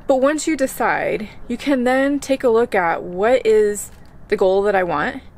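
Earnest woman vlogging with animated fillers. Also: fairly high pitch, measured pace. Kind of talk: casual talk to camera.

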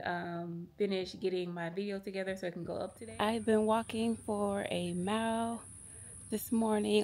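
A woman in her thirties chats candidly to her followers as she walks outdoors, her voice mid-pitched and easy. She is slightly out of breath from walking, and a faint outdoor hiss sits under the recording. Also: a little mellow. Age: 30s. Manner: chatty and candid, addresses viewers as y'all. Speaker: vlogger. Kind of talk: casual chat to camera while walking. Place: outdoors on a morning walk.

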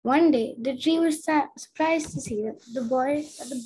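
High-voiced young girl reading aloud. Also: a little mellow, low-quality recording. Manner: careful, halting read-aloud with restarts. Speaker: student. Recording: faint background noise and clicks.

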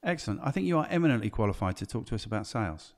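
A man's voice: lowish voice, big pitch swings, racing. A man hosting a casual podcast conversation, musing aloud and checking in with "do you know what I mean". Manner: chatty, musing, asks guests questions, frequent "do you know what I mean". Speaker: podcast host and trainer.

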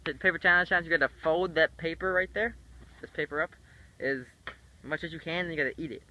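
Excitable young man from Hawaii vlogging. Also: a little high, fast, dull audio, slight background noise. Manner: excitable, laughing, loud. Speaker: YouTuber. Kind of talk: casual vlog chat.

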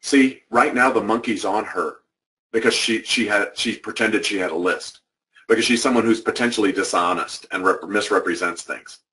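This man's voice sits fairly low, with a moderate pace and a sharp tone. He's a workshop presenter giving educators a motivational training session, stressing and repeating his main ideas in a conversational, emphatic manner. It was picked up by a distant mic.

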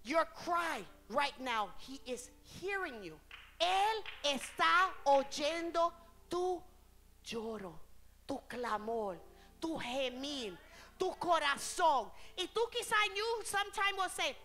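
A woman's voice: sits high, big pitch swings, takes it slowly, sharp tone, soft background music. A woman preacher giving a bilingual sermon in a church, switching between Spanish and English phrase by phrase, rising and falling in intensity and drawing out key words.

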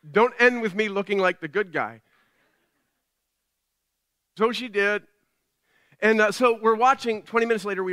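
Bright, high-voiced man preaching a sermon. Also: clear, resonant tone, no room sound, studio quality. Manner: humorous, self-deprecating storytelling; conversational, with frequent asides to the congregation. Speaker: pastor.

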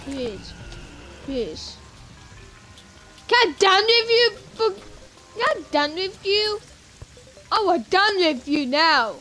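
A woman with a very high, bright voice streaming a game live. She speaks slowly between lively swoops of pitch, exclaiming and pleading at the game. Faint game music plays behind her. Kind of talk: live gameplay commentary.

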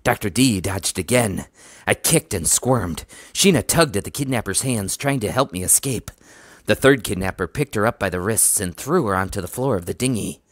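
Low-voiced man reading a storybook. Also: animated, moderate pace, no echo, clean studio sound. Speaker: audiobook reader. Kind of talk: storybook narration.

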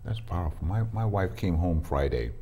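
A man, a pastor hosting a faith talk show, who starts haltingly and repeats words, then tells stories with lively energy. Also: low-pitched. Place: community TV studio.

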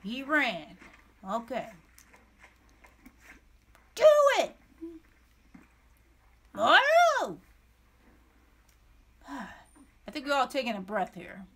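A woman streaming a game live, excitable, exclaiming and repeating words as she plays. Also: on the high side, a little slow. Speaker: gameplay streamer. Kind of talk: live gameplay commentary.

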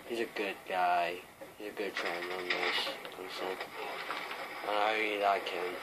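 A man from Wales giving rambling, casual commentary while playing an online shooter, often swearing at other players. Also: sits low. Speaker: gamer. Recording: game sounds and noise behind.

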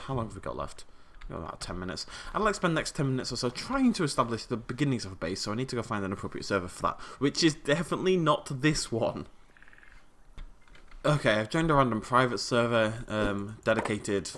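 A man giving casual, jokey commentary over a survival game, prone to sudden startled yelling. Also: fairly low pitch, animated, quick pace. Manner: chatty, jokey, yells when startled. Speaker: gaming YouTuber.

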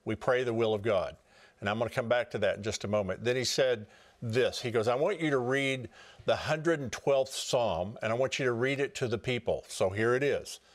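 A man on a Christian talk program, relaying a phone message and reading a psalm aloud in an earnest, measured way with quick asides. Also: mid-range voice. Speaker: program guest.

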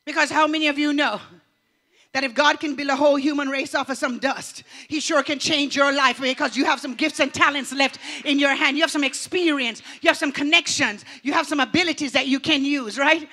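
A woman pastor preaching a motivational sermon, fervent and preacherly, swinging between loud declarations and hushed passages. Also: sits high, fairly even intonation, fairly quick.

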